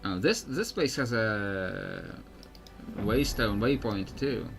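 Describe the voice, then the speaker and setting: A man's voice: lowish voice, slow, creaky, over music. A man streaming a game, rambling through casual commentary and laughing often.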